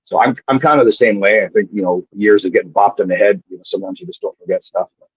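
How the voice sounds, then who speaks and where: A low-voiced, husky man spins rambling, profane stories as a guest. His voice sits low and rough. The audio is dull, dry and lo-fi. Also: fast, no room sound. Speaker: guest, former wrestler. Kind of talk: casual storytelling.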